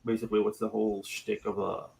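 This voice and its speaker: A man co-hosting a podcast in casual chat, excitable and peppering his talk with "dude". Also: fairly low pitch, fast, vocal fry, poor audio. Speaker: podcast co-host.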